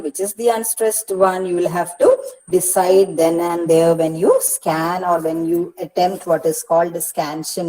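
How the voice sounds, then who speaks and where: Slow, patient Indian woman lecturer. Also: lowish voice, a little mellow, rough recording. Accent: Indian English. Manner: slow, patient, spells out syllables and repeats words. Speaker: university counsellor teaching English poetry. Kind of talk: online counselling lecture. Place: Kerala, India regional study centre session.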